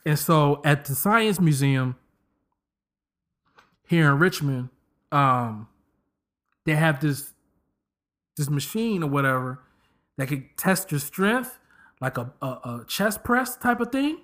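A man's voice: a little high, takes it slowly, long pauses. A man in his thirties hosting a podcast, giving a comedic casual monologue and slipping into voices as he jokes. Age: 30s. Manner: animated, joking, slips into voices. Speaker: podcast host.

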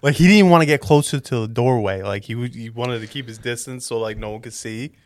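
A man's voice: medium pitch, quick pace. Amused young man, casual chat. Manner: laughing, amused retelling. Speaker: podcast co-host.

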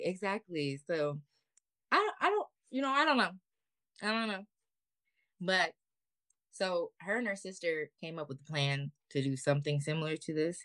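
A woman co-hosting a podcast, telling a story in a casual, animated way, slangy and swearing freely. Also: deep voice, no room sound. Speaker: podcast co-host.

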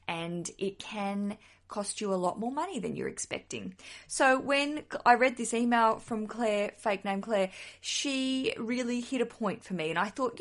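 A woman hosting a solo podcast in a chatty, self-deprecating way, laughing easily as she talks. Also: a little high. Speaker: podcast host. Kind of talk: casual solo podcast chat.

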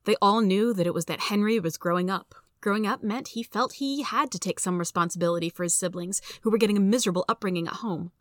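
A woman hosting a reading podcast, reading a story aloud in a steady, clear storytelling manner. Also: mid-range voice, fast, few pauses, dry recording, studio quality. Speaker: host and reader.

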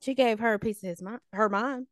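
A woman in her late thirties, a podcast co-host telling high school stories in a snarky, animated way. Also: fairly quick, no room sound, clean studio sound. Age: late 30s. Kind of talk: casual storytelling chat.

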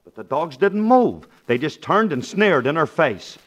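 A man's voice: a little high, very animated, a little slow. A man hosting a 1940s radio comedy, brash and folksy, trading wisecracks. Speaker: comedian and bandleader host. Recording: noisy old radio recording.

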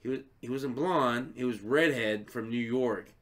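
A man's voice: medium pitch, a little slow, a bit bright. A man co-hosting a podcast in casual chat, swearing freely, laughing often and acting out voices. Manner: profane, laughing, acts out voices. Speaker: podcast co-host.

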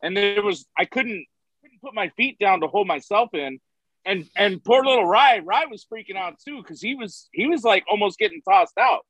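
A man in casual chat, excitable and swearing often. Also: high voice, normal speed, husky, no echo, rough recording.

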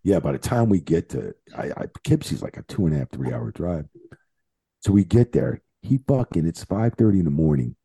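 A man's voice: very animated, fairly quick, dark tone. A middle-aged man telling a road story on a podcast in a rambling style, with plenty of swearing. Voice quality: very deep gravelly voice. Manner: profane, rambling, lots of swearing. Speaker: guest, retired referee. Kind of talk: casual storytelling.

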